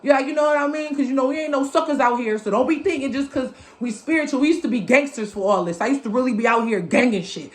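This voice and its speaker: A woman's voice: high voice, fast, hardly any pauses. A woman reading tarot for her viewers in a loose, emphatic way, repeating phrases, swearing casually and laughing at her own slips. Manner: sassy, emphatic, repeats phrases, sing-song chanting. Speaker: tarot reader.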